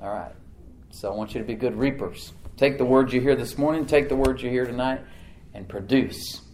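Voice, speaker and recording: Male pastor, mid-pitched, conversational sermon with loud emphatic peaks, faint background hiss. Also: normal speed, reverberant. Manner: swings from loud emphatic bursts to low quiet asides; conversational, with repeated words and restarts. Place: church.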